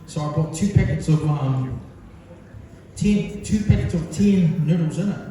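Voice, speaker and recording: A man gives a speech to his mother, wandering through a funny story with plenty of ums. His voice sits a little high and sounds mellow. The recording catches him from a distance in a big hall that rings with echo. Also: a little slow, soft background music. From New Zealand. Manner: rambling, humorous storytelling with many fillers. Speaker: son giving a birthday speech. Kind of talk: speech to a gathering. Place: large function hall. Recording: echoey hall, captured from far off.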